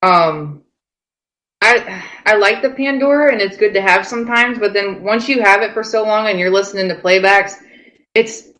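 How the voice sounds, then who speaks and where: A woman hosting a casual paranormal radio talk show, chatty and quick to laugh, rambling a bit as she talks. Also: medium pitch, a bit bright. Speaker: host.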